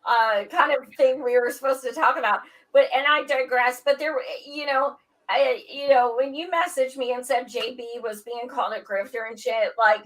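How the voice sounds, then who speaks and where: A woman's voice: sits high, steady tone, normal speed, fairly bright tone, rough recording. A blunt woman who swears freely and speaks emphatically in a casual panel chat. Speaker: podcast guest.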